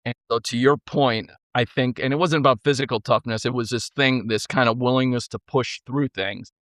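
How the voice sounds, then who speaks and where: A man in a podcast interview, telling stories in an energetic, blunt way and swearing freely. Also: medium pitch, moderate pace, no room sound. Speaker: podcast guest, former co-CEO. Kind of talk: casual storytelling.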